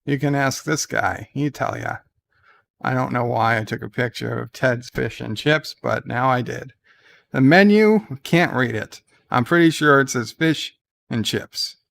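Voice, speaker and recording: A man's voice: medium pitch, measured pace, vocal fry, a bit bright. A man hosting a casual livestream, reading viewer comments aloud and rambling on irreverently with plenty of fillers. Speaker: livestream host.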